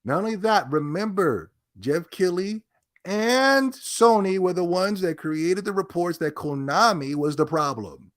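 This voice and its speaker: A man's voice: high-pitched, lively intonation, unhurried, a bit bright. A man giving a ranting gaming commentary, indignant and sarcastic in a mocking way.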